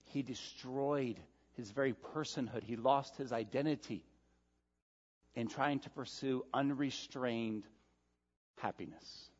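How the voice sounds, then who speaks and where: A male pastor preaching a sermon, emphatic, swinging between loud stresses and soft, quiet asides. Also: mid-range voice, slow. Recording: dull sound with long hall reverb.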